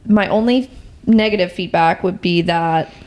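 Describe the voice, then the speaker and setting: A young woman co-hosting a podcast in casual chat, chatty and playful, quick to laugh. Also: on the low side, a little mellow. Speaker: podcast co-host.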